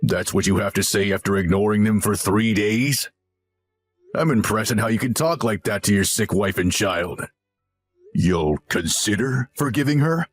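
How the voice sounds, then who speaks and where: A man voicing a stern older father who calmly and firmly reproaches his son. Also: lowish voice, faint music behind, natural voice. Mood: reproachful. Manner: firm, measured and reproachful.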